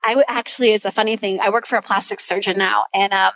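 A woman's voice: medium pitch, quick pace, dry recording. A middle-aged woman on a podcast, chatting casually and telling a story with real energy. She jumps into the voices of the people in it. The sound is dry and close. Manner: animated storyteller, acts out quoted voices. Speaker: guest.

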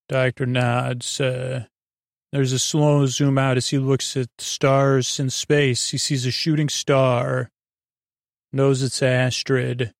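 A man's voice: medium pitch, level tone, takes it slowly, creaky, dry recording, clean studio sound. A man hosting a sleep podcast, recapping an episode in a meandering, laid-back way with lots of fillers. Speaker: podcast host.

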